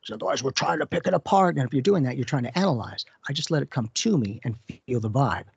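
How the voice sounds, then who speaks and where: Co-hosting a radio talk show as a psychic medium, a man tells stories casually and plays out the voices of those he quotes. His medium-pitched voice is animated and quick, gravelly, a little mellow, with a breathy edge. The audio is dull lo-fi radio with no room sound.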